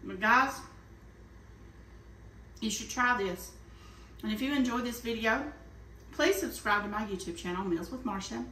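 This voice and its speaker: A chatty woman with a drawl talks her viewers through a home-cooked cake in a folksy way. Her voice is bright and fairly high, a bit off the mic. The kitchen sounds echoey. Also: unhurried, pauses often, far from the mic, slight background noise. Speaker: cooking channel host. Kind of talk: casual cooking vlog chat.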